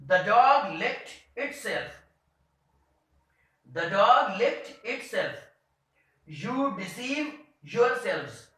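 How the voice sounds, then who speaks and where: A man teaching a grammar lesson, hesitant with many fillers, slowing down to read example sentences aloud. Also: sits high, sharp tone. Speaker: English teacher. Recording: very echoey room.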